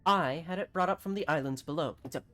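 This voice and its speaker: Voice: medium pitch, fast, fairly bright tone, close to an everyday voice. A streamer reading aloud the lines of a brusque, short-tempered female chief engineer from a video game.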